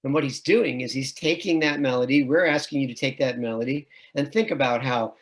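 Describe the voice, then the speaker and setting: A man's voice: mid-range voice, fairly quick, few pauses. A middle-aged man, a music education professor, presenting an online admissions webinar and patiently explaining with sung and chanted examples.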